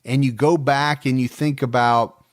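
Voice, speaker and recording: Man, podcast host, casual chat, mid pitch, dry close sound. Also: moderate pace, no room sound. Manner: relaxed, chatty, fond of the listeners.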